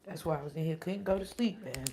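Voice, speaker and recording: A woman's voice: sits low, fast, crowd noise. A woman chatting casually on her live stream, laughing often and answering her chat.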